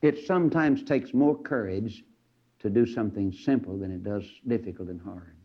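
A man preaching a fiery old-time sermon, acting out Bible characters in sudden shouts. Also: on the low side, normal speed, lo-fi sound.

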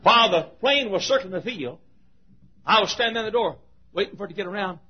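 An older man preaching a sermon, telling stories with animated swings between loud proclaiming and hushed asides. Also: high-pitched, quick pace, breathy edge. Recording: dull lo-fi old recording.

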